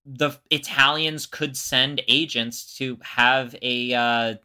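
A man's voice: mid-range voice, steady tone, takes it slowly, bright, forceful tone, smooth. A man co-hosting a podcast who explains history in a casual way and thinks aloud. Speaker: podcast co-host.

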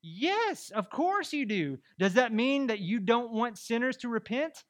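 Animated male pastor preaching. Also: extremely high pitch, unhurried. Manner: animated, conversational preaching with rhetorical questions. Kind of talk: sermon.

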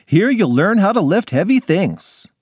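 A man's voice: sits high, sing-song, unhurried, darkish tone, breathy edge, no room sound, studio quality, pitched above the performer's own voice, full character voice. A man voicing a proud, boastful strength instructor with a hearty delivery.

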